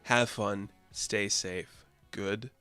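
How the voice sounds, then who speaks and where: A man's voice: on the low side, steady tone, extremely slow, bright, forceful tone, faint music behind. A man casually reviewing a comic issue with offhand, slangy asides. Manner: laid-back, offhand, recaps with slangy asides.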